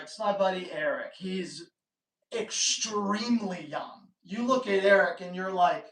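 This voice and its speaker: A man hosting a live dog-training Q&A, telling stories in a lively way and joking with his viewers. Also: sits high, measured pace. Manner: animated storytelling, joking asides. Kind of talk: casual live-stream talk. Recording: echoey room, distant mic.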